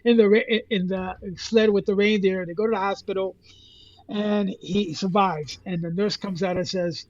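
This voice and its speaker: A man co-hosting a podcast, retelling a comic story in a casual, halting way with many restarts. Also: high-pitched, fairly even intonation, darkish tone, highs cut off. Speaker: podcast co-host.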